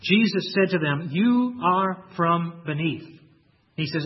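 Male preacher, higher voice, emphatic sermon delivery, dull lo-fi sound. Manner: emphatic, stresses key words with slow drawn-out lines; repeats words when restarting. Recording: dull lo-fi recording.

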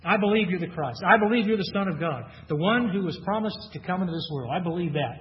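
A man with a high voice delivers an earnest sermon, reading verses aloud and then unpacking them. The sound is muffled, with long reverb from a large church hall. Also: lively intonation, quick pace. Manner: earnest, reads scripture aloud then explains it. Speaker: preacher. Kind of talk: expository sermon.

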